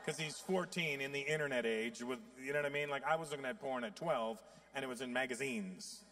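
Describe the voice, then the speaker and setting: A man in his fifties performing profane stand-up comedy on stage, with sudden loud, high outbursts. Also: fairly quick. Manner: profane storytelling.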